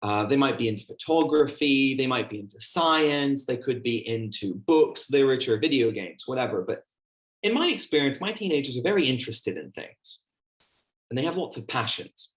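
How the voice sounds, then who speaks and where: A man's voice: mid-range voice, lively intonation, normal speed. A man giving a teacher training workshop, speaking conversationally and acting out the questions he asks his class. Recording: echoey room.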